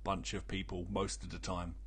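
A man's voice: sits low, monotone, moderate pace, a bit bright, husky. A man with a British accent co-hosting a radio show, joking and teasing in casual banter. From Britain. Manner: teasing, dry, laughs between lines. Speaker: radio co-host.

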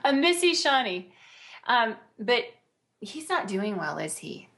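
A woman's voice: on the high side, very animated, slow pace, a bit bright. An American woman in casual conversation, bubbly and playful, laughing often and breaking into exclamations. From United States. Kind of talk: casual chat.

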